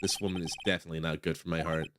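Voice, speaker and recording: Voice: rumbling low, level tone, very fast, a little hiss or hum, pitched below the performer's own voice. A reader voicing a nervous young male lawyer with wry, jittery asides in a game playthrough.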